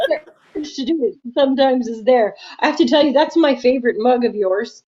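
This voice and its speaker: A high-pitched woman chats on a relaxed livestream, reading out viewer comments and laughing along the way. The sound is dull and lo-fi, like streamed audio. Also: a little fast. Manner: reads viewer comments aloud, laughs often. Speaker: livestream quilting host. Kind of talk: casual livestream chat.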